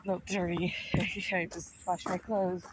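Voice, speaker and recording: Slow-talking playful woman vlogging outdoors. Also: fairly low pitch, flat delivery, very noisy. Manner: playful, chatty, exclaims at what she sees. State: slightly out of breath. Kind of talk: casual walking vlog. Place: outdoors on a nature trail. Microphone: handheld phone.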